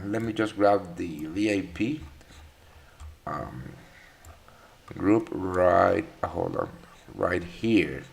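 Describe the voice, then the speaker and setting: A man's voice: low voice, vocal fry. A man hosting a live trading webinar, chatting casually, greeting viewers by name with many fillers and restarts. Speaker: trading session host.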